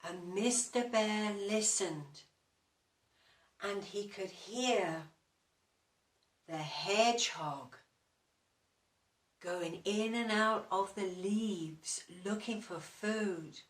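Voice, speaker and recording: A woman's voice: mid-range voice, very slow, pauses often. A woman reading a children's story aloud and asking the young listeners questions along the way. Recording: roomy echo, distant mic.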